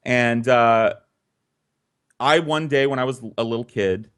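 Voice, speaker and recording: A man spins a childhood tale in loose, chatty fashion, cursing freely as he goes. His voice sits at a middle pitch for a man, and he animates the story with shifting energy. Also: unhurried, clear, resonant tone. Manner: profane, conversational, animated. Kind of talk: casual storytelling.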